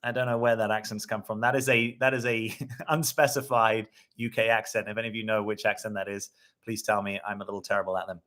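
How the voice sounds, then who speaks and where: A man's voice: lowish voice, level tone, fast talker, fairly bright tone. A man working as a dating coach, talking in a reflective, conversational way on a live stream and answering viewer comments, often checking in with his listeners.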